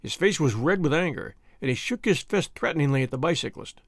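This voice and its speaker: A man's voice: on the high side, expressive, fairly quick, no echo, clean studio sound. A man narrating a period story in scripted audiobook style, voicing each character as he goes.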